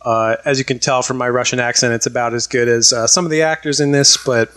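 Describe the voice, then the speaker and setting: A man's voice: mid-range voice, fairly even intonation, quick pace, fairly bright tone. A man co-hosting a podcast, chatty and self-mocking in casual talk. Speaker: podcast co-host.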